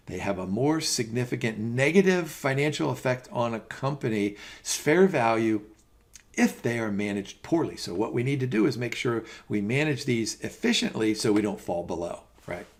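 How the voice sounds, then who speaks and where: A man's voice: medium pitch, expressive, normal speed. A middle-aged man teaching a finance exam prep lecture in a conversational, rambling way with many fillers and asides. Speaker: finance instructor. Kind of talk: recorded lecture.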